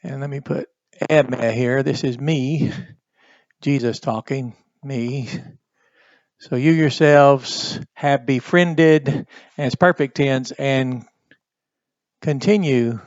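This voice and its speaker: A man giving a recorded Bible Greek lesson, speaking slowly and deliberately, with frequent pauses and fillers. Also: mid-range voice, a little mellow, dry recording. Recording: dry, dull lo-fi recording.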